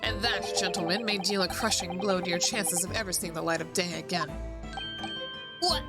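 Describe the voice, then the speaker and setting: A woman voicing a cold, menacing male prosecutor in a game, with a slow, grave, threatening delivery. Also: on the low side, close to an everyday voice. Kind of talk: video game voice acting on a stream. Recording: background music.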